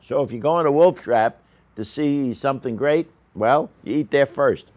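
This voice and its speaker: A man's voice: medium pitch, moderate pace, darkish tone. Rambling man reviewing restaurants. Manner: rambling, with frequent fillers and coughs. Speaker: restaurant reviewer on a local news show. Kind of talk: casual spoken restaurant review.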